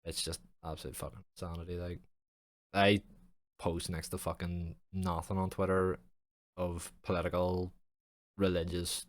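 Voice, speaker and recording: A man's voice: low-pitched, level tone, moderate pace. A young man hosting a casual podcast, rambling loosely and swearing heavily with a jokey tone. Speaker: podcast host and streamer.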